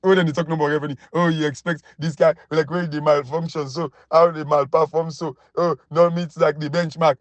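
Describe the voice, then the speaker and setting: A man with a Sierra Leonean Krio accent rants about politics in a mocking, repetitive way, his somewhat high voice leaping higher still in disbelief. The recording is close and dry, with no room sound. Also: flat delivery, fairly quick, few pauses, dry recording. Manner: mocking, repetitive, emphatic, pitch leaps high when incredulous. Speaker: political commentator. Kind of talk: animated political rant.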